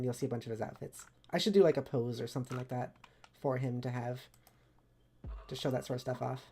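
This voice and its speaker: A woman's voice: very deep voice, a little mellow. A woman streamer chatting casually on a live stream, rambling from one thought to the next. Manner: rambling, jumps between thoughts.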